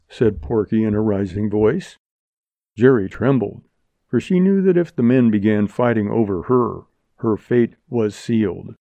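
A man narrating a story aloud as an audiobook reader, with an expressive reading. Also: fairly low pitch, a little slow, no room sound. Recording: dull lo-fi dry recording.

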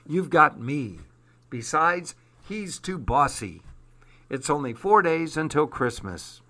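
Kindly, reassuring protector for a storybook, a touch raised, read by a man; bright tone. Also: a little high, lively intonation, takes it slowly, heavily acted. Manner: warm, reassuring. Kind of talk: storybook reading.

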